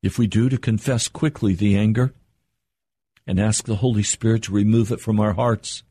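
An older man delivers a broadcast sermon with a husky, slightly breathy voice. He preaches earnestly and slows down to stress key points. The recording is dry and close. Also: fairly low pitch, steady tone, dark tone, no room sound. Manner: earnest, measured preaching with slow emphatic pauses.

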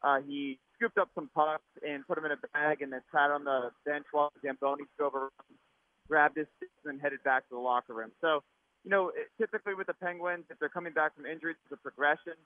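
A man reporting by phone from a practice rink, his voice muffled by a mask, talking rapidly and chattily. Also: a little high, fairly even intonation, dry recording. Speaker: sports reporter calling in. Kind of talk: casual chat. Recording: tinny phone line.

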